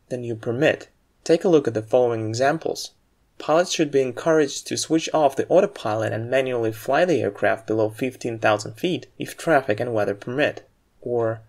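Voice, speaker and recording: A man's medium-pitched voice carries a scripted aviation English lesson, covering word stress clearly and steadily before reading example sentences.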